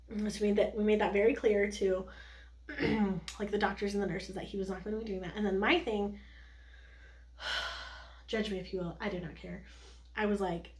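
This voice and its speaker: A woman's voice: medium pitch, moderate pace, long pauses, a little mellow. Chatty young woman telling a story. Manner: chatty, lots of "like" and laughs. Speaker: vlogger. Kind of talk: casual storytelling to camera. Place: at home doing makeup.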